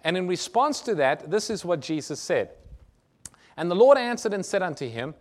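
A man's voice: high voice, sing-song, moderate pace. A man preaching a sermon, reading scripture aloud, explaining it and asking his listeners rhetorical questions. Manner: asks the audience rhetorical questions. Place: church or lecture hall with a screen.

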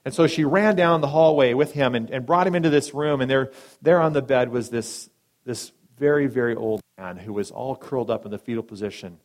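A man preaching a sermon and telling a story, dramatic, swinging between loud emphatic lines and hushed soft ones, briefly acting out the people in it. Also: mid-range voice, brisk. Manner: acts out quoted speakers in brief voices.

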